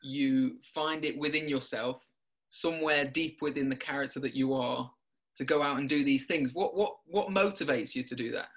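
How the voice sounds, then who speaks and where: A man's voice: medium pitch, normal speed. A man interviewing a guest, often repeating words as he restarts and chuckling between questions. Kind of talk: warm-up interview chat.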